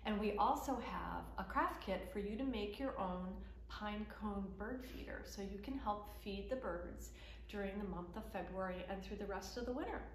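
A woman's voice: mid-range voice, normal speed. A woman running a children's story time, reading picture books aloud and singing, cheerful and sing-song. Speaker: children's librarian. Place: library. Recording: echoey room with faint background noise.

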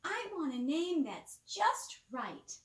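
A woman's voice: high voice, big pitch swings, slow, pitched above the performer's own voice, heavily acted. A woman voicing a cheerful young girl in a storybook reading, recorded with a roomy echo.

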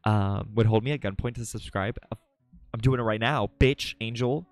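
A man live-streaming from his home setup on a desk mic, chatting casually with viewers, playful and swearing, often jumping into high squeals. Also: normal speed. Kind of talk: casual chat reading out viewer messages. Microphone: desk microphone.

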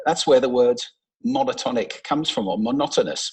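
On a large stage before an audience, a man gives an expressive, playful public talk, demonstrating voice techniques. His voice is medium-pitched at normal speed with a breathy edge, played from a rough talk recording.

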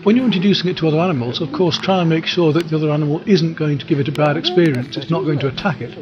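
A man, a dog trainer, narrating an instructional voice-over in a calm, measured, advisory way. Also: fairly high pitch, lo-fi sound. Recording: voice-over with music bed.

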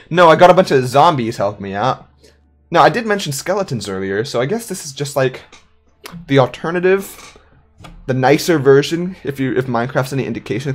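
Playful, lively woman gaming. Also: rumbling low. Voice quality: chatty, playful asides. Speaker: gaming YouTuber. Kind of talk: let's play commentary.

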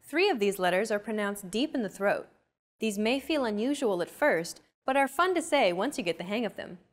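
A woman's voice: mid-range voice, animated, moderate pace. Woman hosting a scripted language lesson. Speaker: lesson host.

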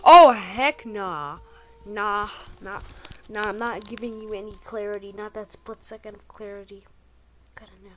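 A woman giving excitable, slangy commentary over her own gameplay, bursting into exclamations. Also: mid-range voice, normal speed, noisy background. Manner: playful trolling banter, slangy. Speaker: gaming channel host.

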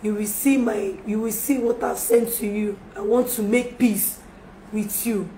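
A woman livestreamer speaks in a mid-range, dark voice with fairly even intonation and a measured pace. Her emotional live-stream appeal is a public apology, full of pleading and repeated requests for forgiveness. It was recorded on a phone in an echoey room with faint background noise.

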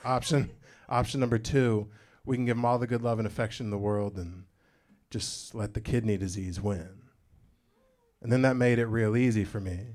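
A man's voice: fairly low pitch, darkish tone. A young man from Arizona doing a crude, conversational stand-up set on a comedy club stage, with the audience laughing. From Phoenix, Arizona. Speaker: stand-up comic.

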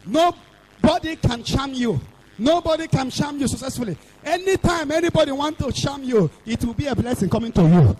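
Nigerian male evangelist, high lively voice, fiery call-and-response sermon. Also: normal speed, slight background noise, poor audio. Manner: shouting, sing-song call-and-response preaching. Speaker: evangelist preacher.

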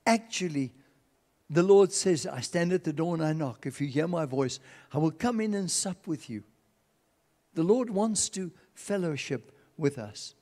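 A man's voice: on the high side, lively intonation, measured pace, warm tone. A man with a South African accent preaching a sermon, telling stories and acting out the voices of the people in them. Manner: storytelling, acts out quoted voices. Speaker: pastor. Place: large church hall. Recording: long church hall reverb.

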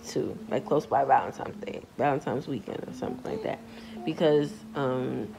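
With vocal fry and background noise behind her, a young woman at a moderate pace tells a casual, slangy storytime tale, leaning on repeated filler phrases. Quoted people get an animated, high-pitched impression.

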